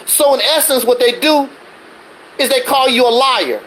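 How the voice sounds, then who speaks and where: A man's voice: extremely high pitch, expressive, moderate pace, fairly bright tone, a little hiss or hum, rough recording. A man hosting a livestream, ranting defensively in a casual monologue full of rhetorical questions. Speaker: livestreaming channel host.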